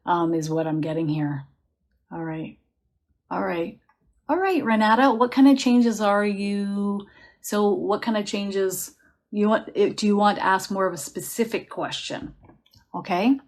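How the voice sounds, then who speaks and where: A woman working as a psychic medium, giving a live reading in a chatty, reassuring manner with soft laughs, guiding listeners to relax and feel the answers in their bodies. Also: mid-range voice, a little slow.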